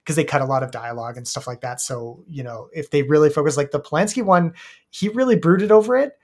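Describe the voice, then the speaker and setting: A man's voice: on the high side, fast, a little mellow. A man co-hosting a casual podcast chat, talking thoughtfully and searching for his words. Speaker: podcast co-host.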